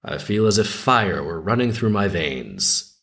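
A man's voice: lowish voice, sing-song, a little slow, a bit bright, full character voice. A man voicing a terrified, guilt-ridden stepmother in a fearful tone. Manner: fearful, trembling.

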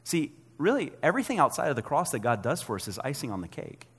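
A man in his thirties preaching a sermon as a pastor, talking conversationally and acting out quotes in an animated way. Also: mid-range voice, fast, breathy edge, in a large hall.

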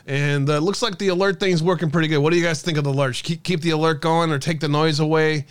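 A man's voice: on the high side, fairly even intonation, fast, clear, resonant tone. A man hosting a casual livestream, jokey and sarcastic, laughing often as he talks to his viewers. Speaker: livestream host.

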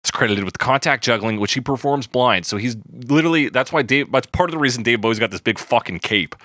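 A man co-hosting a casual movie-review podcast, animated, swearing freely and laughing often. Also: medium pitch, fast talker, no echo, clean studio sound. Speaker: podcast co-host.

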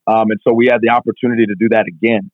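A strength coach being interviewed, telling stories in a fast, casual way full of "like". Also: male voice, on the low side, level tone, dry recording. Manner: fast, filler-heavy, constant "like". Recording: tinny phone-like line, dry.

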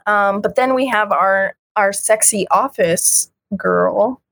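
Slow and creaky yet a little bright, this woman's medium-pitched voice is recorded with no echo. Co-hosting a podcast, she chats casually about a comic, frank and giggly, performing lines as she talks.

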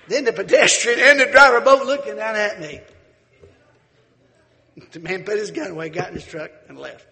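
A preacher giving a sermon, folksy and animated, telling a story and acting out the people in it. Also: male voice, sits high, moderate pace, pauses often, long reverb tail. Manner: folksy, animated storyteller who acts out voices.

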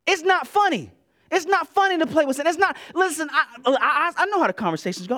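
Guy preaching, super lively up-and-down voice, talks casual to the crowd, repeats himself a lot. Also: extremely high pitch, fairly quick. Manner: animated, repeats words, colloquial asides to the congregation. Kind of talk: sermon.

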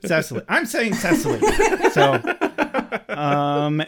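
A man's voice: fairly high pitch, lively intonation, measured pace, very noisy. Laughing man co-hosting a chat. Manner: jokey, laughing. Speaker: podcast co-host. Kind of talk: casual chat.

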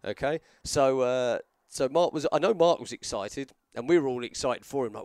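A man's voice: mid-range voice, moderate pace, hardly any pauses, clean tone, no echo, clean studio sound. A man co-hosting a podcast, a wrestler, telling long rambling stories in casual chat and perking up when he quotes people. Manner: rambling storyteller, animated when quoting others.

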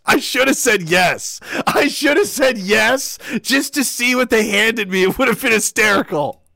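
A man telling a story in a casual rant, animated, swearing and laughing often. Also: very high voice, a little slow, creaky, no room sound, studio quality.

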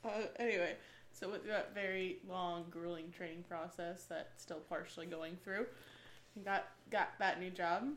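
A woman co-hosting a podcast, chatting casually with quick, teasing remarks. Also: fairly low pitch, steady tone, fairly bright tone. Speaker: podcast co-host. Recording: roomy echo, faint noise.

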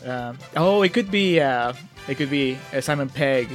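A man's voice: medium pitch, lively intonation, moderate pace, soft background music. Man guest thinking aloud. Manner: thinks aloud, hesitant with restarts. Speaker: podcast guest. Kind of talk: casual podcast game chat.

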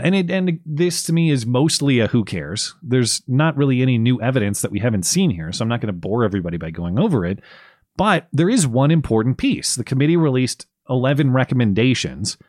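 A male podcast host delivering political commentary in a casual, sarcastic way. His voice sits at an ordinary middle pitch. The recording is dry and close, with no room sound. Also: lively intonation, fairly quick, a little mellow, no room sound.

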